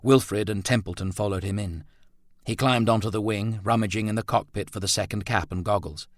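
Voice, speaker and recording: A man reading a novel aloud as narrator in a measured storytelling manner. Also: lowish voice, no echo, studio quality. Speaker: audiobook narrator. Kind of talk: scripted narration.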